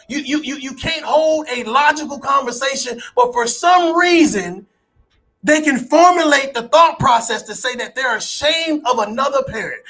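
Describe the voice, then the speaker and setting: Profane, incredulous man ranting loudly. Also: very high voice. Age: adult parent. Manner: profane, incredulous, shouting bursts. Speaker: online commentator. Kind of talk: ranting to a live audience. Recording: faint background music.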